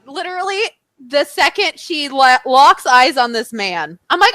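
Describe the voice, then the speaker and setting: A woman's voice: high voice, a little slow, no echo. A young woman co-hosting a podcast, telling a story in casual chat, acting out what people said and swearing freely. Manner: animated, acts out quotes, swears. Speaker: podcast co-host.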